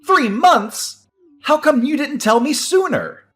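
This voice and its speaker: An actor playing an entitled young husband who defers to his mother, dismissive and prone to excited outbursts. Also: medium pitch, moderate pace, faint music behind, close to an everyday voice. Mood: startled. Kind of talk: audio drama acting.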